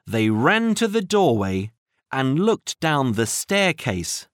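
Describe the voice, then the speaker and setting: Reading a children's audiobook, this storybook narrator goes very slowly and expressively, with a sing-song pitch that swings widely up and down. The mic is close and the sound is completely dry, with no room tone or echo.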